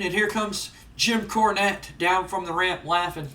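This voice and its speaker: A man's voice: high-pitched, fairly even intonation, sharp tone, recorded from a distance. A man casually recapping results and storylines while playing a wrestling management game. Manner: casual recapping, quick, chatty. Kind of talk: casual let's-play commentary. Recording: roomy, off-mic.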